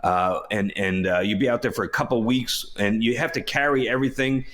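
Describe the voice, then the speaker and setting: A man's voice: medium pitch, fairly even intonation, fairly quick, fairly bright tone. A man in his fifties co-hosting a podcast, telling rambling, self-correcting anecdotes in a casual chat with chuckles along the way. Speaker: podcast co-host.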